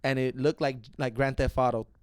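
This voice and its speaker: A young man telling a profane, animated story in a casual podcast chat. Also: mid-range voice, fairly quick, clean tone, no room sound, clean studio sound. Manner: profane, animated, acts out other people's voices. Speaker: podcast guest.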